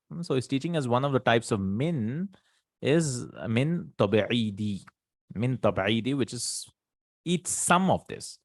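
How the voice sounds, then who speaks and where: A man's voice: mid-range voice, no room sound, studio quality. A man teaching an Arabic grammar lesson in English, patiently repeating terms with frequent thinking hums.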